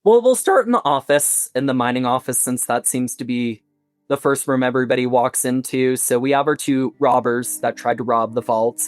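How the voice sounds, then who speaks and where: A man's voice: mid-range voice, normal speed, dry recording, studio quality. A man who guides tours of an old house, telling ghost stories in a chatty way with many fillers and restarts. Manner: chatty, full of fillers and self-corrections. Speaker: mansion tour guide and resident. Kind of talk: casual storytelling interview. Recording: soft music underneath.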